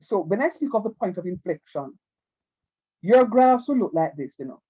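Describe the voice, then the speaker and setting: A high-voiced man teaches a math lesson over an online call. His tone is mellow and coaxing, and he keeps circling back to the same point. The sound is dull and lo-fi, like a computer mic. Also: big pitch swings, moderate pace, breathy edge. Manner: repetitive, coaxing, keeps saying "watch me". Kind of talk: online class lecture.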